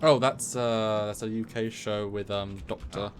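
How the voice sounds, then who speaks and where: Guy rambling on a livestream, kinda low voice, faint rumble behind him. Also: fairly even intonation. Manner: rambling, restarts, quick asides. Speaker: co-host. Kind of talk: casual livestream chat.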